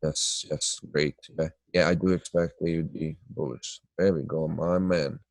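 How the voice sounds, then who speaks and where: A man with a low, nasal voice, stuffed up by his sinuses, hosts a live trading webinar. He talks loosely with lots of fillers and breaks off to greet viewers by name. The sound is dry and close to the mic. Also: little pitch movement, a little slow, dry recording. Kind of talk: live webinar chat and chart analysis.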